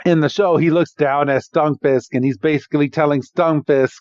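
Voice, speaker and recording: A man's voice: fairly high pitch, fairly even intonation, normal speed, hardly any pauses, a little mellow, no room sound, muffled recording. A man co-hosting a podcast, recapping an episode in casual chat, chatty and laughing often with lots of filler words. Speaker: podcast co-host.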